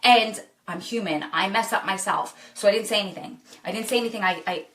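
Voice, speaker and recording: A woman's voice: medium pitch, fairly quick, a bit bright, distant mic. A woman vlogger talking earnestly and directly to her viewers in a confessional chat. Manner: earnest, direct address, retelling with quotes. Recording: echoey room, off-mic.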